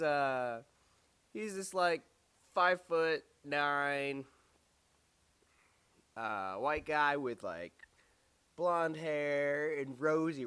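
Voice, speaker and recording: Smooth-voiced young man telling a story. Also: medium pitch. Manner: animated, quotes others in quick put-on voices. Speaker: storyteller vlogger. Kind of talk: casual storytime monologue.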